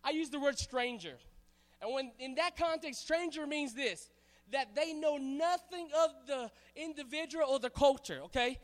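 A man from Hawaii preaching a sermon to a congregation, animated and playful, calling on the crowd to answer back. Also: very high-pitched, normal speed. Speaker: pastor. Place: church hall. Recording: hall reverb.

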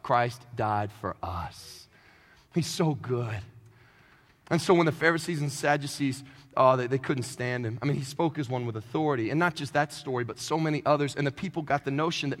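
A man, a pastor, preaching a sermon with joking asides, moving between quiet talk and shouting. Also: medium pitch, a little fast. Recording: echoey hall.

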